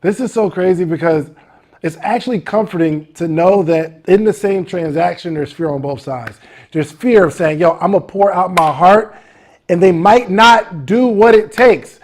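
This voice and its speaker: A man hosting a podcast who talks in an excitable, slangy way and says "yo" a lot. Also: high voice, normal speed. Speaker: podcast host. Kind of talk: casual interview talk.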